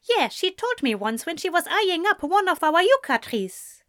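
A woman reading an audiobook, voicing a cheerful young female shop worker with a Spanish accent and a bright, teasing manner. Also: very high voice, very animated, moderate pace, voice pushed up, full character voice. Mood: friendly teasing.

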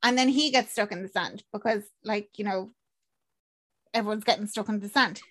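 A woman's voice: medium pitch, a bit bright. A woman, casually recapping a film in chatty, swearing banter. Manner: chatty, swearing, acts out lines in quick voices.

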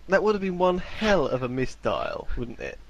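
A man co-hosting a podcast, chatting casually, excitable and swearing often. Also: on the high side, normal speed, gravelly, highs cut off, a little hiss or hum. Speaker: podcast co-host. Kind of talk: casual chat.

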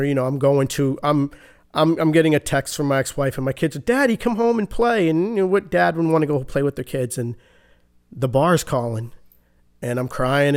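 Smooth-voiced man telling his recovery story. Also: mid-range voice, a little mellow. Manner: earnest, halting, with many restarts. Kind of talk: personal recovery testimony.

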